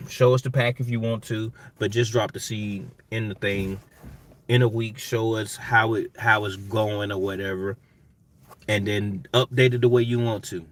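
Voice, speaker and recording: A man's voice: on the low side, fairly bright tone. Rambling man on a livestream. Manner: rambling, chatty, addresses viewers as y'all. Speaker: livestream gardening host. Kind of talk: casual livestream chat with viewers. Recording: distant mic with faint background noise.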